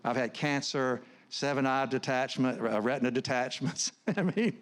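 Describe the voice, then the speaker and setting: Here the same middle-aged guest speaker, a counselor, goes at a moderate pace with a medium-pitched voice. His sermon from the church stage stays earnest and conversational, full of personal stories, and he frequently restarts what he's saying.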